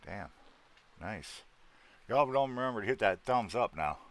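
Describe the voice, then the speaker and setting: A man's voice: lowish voice, lively intonation, unhurried. A man from Wisconsin chatting casually with his livestream viewers in a rambling, folksy way, with a salty word here and there.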